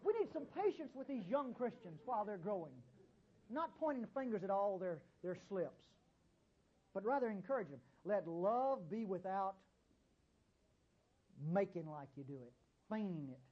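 Husky preacher with a lively voice. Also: male voice, normal speed, long pauses, muffled recording. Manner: emphatic, repeats "listen to me", sudden jumps in pitch and volume. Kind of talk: sermon.

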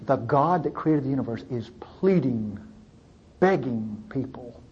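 Animated preacher man, muffled live sermon. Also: mid-range voice, a little slow, breathy edge. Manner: animated, pleading, swings from loud to hushed.

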